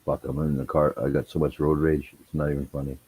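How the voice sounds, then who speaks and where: Very deep, husky, swearing man. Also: flat delivery, quick pace, a little mellow. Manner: profane, laughing, teasing storyteller. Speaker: guest on a livestream. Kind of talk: casual chat.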